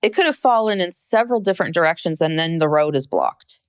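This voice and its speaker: Lively woman podcast co-host, dry mic. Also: lowish voice, quick pace, clear, resonant tone, dry recording, lo-fi sound. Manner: animated, exclaims about frantic scenes. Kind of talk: casual reality TV recap chat.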